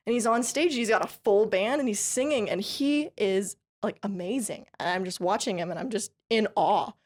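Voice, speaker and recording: A woman's voice: mid-range voice, moderate pace. Upbeat chatty woman telling a story. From California, USA. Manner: chatty and upbeat, laughs often between phrases; tells stories lively, with many fillers like "like" and "you know". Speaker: podcast guest, country fiddle player. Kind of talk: casual interview storytelling.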